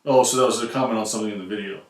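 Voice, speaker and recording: A man's voice: fairly low pitch, steady tone. An American man co-hosting a casual chat, reading viewer questions aloud with dry jokes. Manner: joking, reads questions aloud haltingly. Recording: echoey room.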